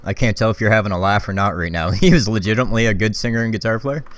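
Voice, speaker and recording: A man's voice: on the low side, very fast. Male podcast co-host, playful teaser, easy laugh. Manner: laughing, teasing. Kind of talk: casual podcast chat.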